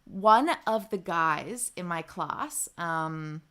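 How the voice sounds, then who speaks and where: A young woman with an Australian accent hosts a casual livestream. Her voice is bright and forward, and she chats easily as she greets viewers by name. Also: fairly low pitch, lively intonation, drawn-out words, clear, resonant tone. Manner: chatty, reads viewer comments aloud. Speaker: livestream host.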